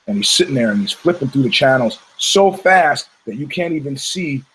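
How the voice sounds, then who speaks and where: A man's voice: mid-range voice, animated, moderate pace, fairly bright tone, slight background noise, rough recording. An American man hosting a podcast, telling a long story in casual, profane style and acting out the people he quotes. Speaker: podcast host.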